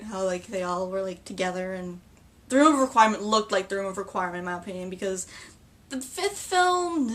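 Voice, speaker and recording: A woman chatting casually in a film reaction video, excitable and gushing, with many restarts and filler words. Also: medium pitch, far from the mic.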